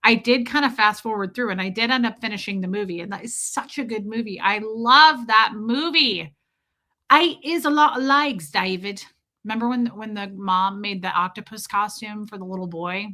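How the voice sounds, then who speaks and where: A young adult woman hosting a livestream, chatting casually with viewers in a rambling, animated way, her voice a little worn from screaming. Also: medium pitch, moderate pace. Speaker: livestream host.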